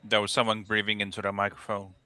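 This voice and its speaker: A man's voice: fairly low pitch, completely flat delivery, fast talker, pushed and bright. A man joining a livestream chat, curious and asking plain questions. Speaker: stream guest. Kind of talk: casual chat.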